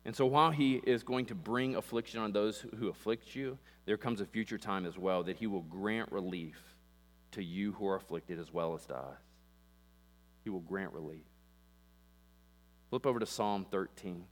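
A male pastor with a fairly low voice and moderate pace preaches a passionate sermon, his force rising and falling as he acts out the voices he quotes. The pulpit-mic recording from a church sanctuary has long reverb and mains hum.

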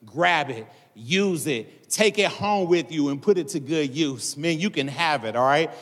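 A man's voice: a little high, expressive, measured pace, a bit bright. A man, a pastor preaching a casual sermon to his congregation and filling it with "man" and "all right". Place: large church hall. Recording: long hall reverb.

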